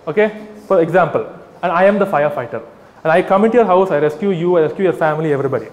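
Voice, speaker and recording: A man giving a live talk to an audience, animated and mocking, acting out little scenes. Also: fairly high pitch, very fast. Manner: animated, mocking, acts out scenes with quoted voices. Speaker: vegan activist speaking to an audience. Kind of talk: live public talk to a crowd. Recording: echoey hall, faint room ambience.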